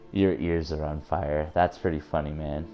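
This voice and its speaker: A young man from the United States chatting on a live stream in a very low, mellow voice. He talks loosely, laughs a lot and often restarts mid-sentence. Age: 20s. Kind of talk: casual live-stream chat.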